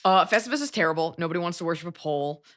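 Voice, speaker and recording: A woman's voice: lowish voice, expressive, rapid-fire, a bit bright. A young adult woman hosting a podcast, giving blunt, profane advice in a casual chat and jumping into quoted voices. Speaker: podcast host.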